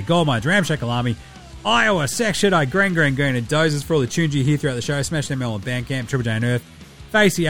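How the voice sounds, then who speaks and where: A man's voice: mid-range voice, fairly bright tone. A man with an Australian accent, casually wrapping up his podcast in a cheeky, matey way. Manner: cheeky, laid-back, matey. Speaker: podcast host.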